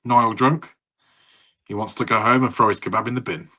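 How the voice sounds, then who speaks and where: A man's voice: fairly low pitch, fairly even intonation, normal speed, sharp tone. A man in his thirties, co-hosting a podcast, rambling through stories with laughter and swearing. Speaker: podcast co-host. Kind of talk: casual chat.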